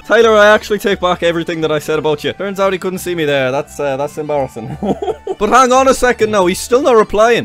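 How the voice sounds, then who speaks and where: A man's voice: sits high, animated, fast, fairly bright tone, dry recording, studio quality. Giggly man in a wobbly fake Irish accent. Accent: put-on Irish accent that drifts. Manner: playful, giggly, teasing leprechaun act. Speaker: gaming video host. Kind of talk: Minecraft trolling commentary.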